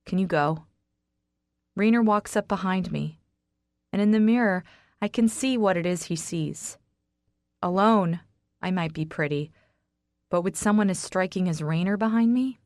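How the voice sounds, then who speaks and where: A woman narrating a first-person romance audiobook, expressive and emotional in the dialogue. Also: lowish voice, moderate pace, no echo, clean studio sound.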